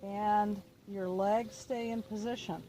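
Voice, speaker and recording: Calm encouraging woman coaching outdoors. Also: mid-range voice, takes it slowly, slight background noise. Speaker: riding instructor. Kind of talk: outdoor riding lesson coaching. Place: outdoor riding arena.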